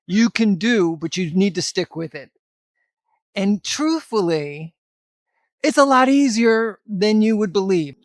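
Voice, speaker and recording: In a dry, echo-free room, a middle-aged fitness vlogger gives the camera a motivational talk. He sounds blunt and emphatic in a fairly high voice, letting slip a bit of mild cursing.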